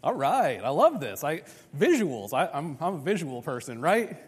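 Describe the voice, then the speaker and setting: Animated preacher in a reverberant hall. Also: male voice, fairly high pitch, normal speed, husky. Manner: animated, conversational, acts out dialogue. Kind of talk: sermon.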